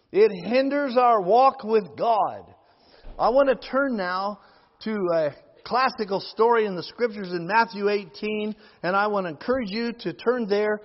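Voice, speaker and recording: A man preaching a sermon, reading scripture slowly and rising to loud, emphatic appeals to the congregation. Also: high voice, in a large hall, muffled recording.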